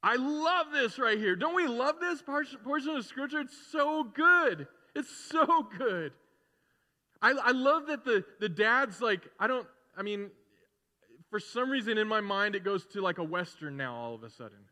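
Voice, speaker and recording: A man's voice: high-pitched, moderate pace, long reverb tail. A man preaching a sermon in a casual, conversational way, acting out the characters as he retells a story. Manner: animated, acts out characters, conversational asides. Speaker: pastor.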